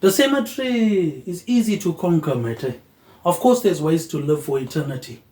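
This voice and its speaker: A man rambles through a philosophical monologue in a mellow, fairly high voice. He tacks a soft, dropped tag word onto almost every phrase. The sound comes from an echoey room. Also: expressive, moderate pace. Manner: loose, drifting train of thought. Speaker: host.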